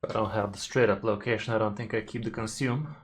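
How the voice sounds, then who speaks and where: A man's voice: on the low side, steady tone, brisk. A man streaming a card game, giving casual commentary and chatting loosely with his viewers, with some mild swearing.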